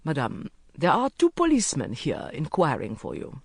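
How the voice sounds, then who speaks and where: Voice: medium pitch, huge pitch swings, moderate pace, creaky, slightly rough, dry recording, heavily acted. The audiobook narrator voicing a formal, deferential hotel head concierge speaking politely to a guest. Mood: courteous. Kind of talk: audiobook character voice.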